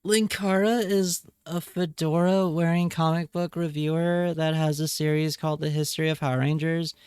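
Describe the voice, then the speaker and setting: A man's voice: fairly high pitch, flat delivery, moderate pace, a little mellow, smooth, no echo, clean studio sound. A man chatting casually on a live stream, reading chat aloud and joking around. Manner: playful, jokey, reads chat aloud.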